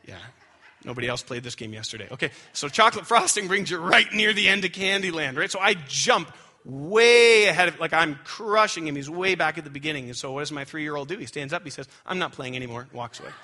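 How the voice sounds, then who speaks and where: A young adult man preaching a sermon with animated storytelling that swings high when he gets excited. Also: fairly quick. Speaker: pastor.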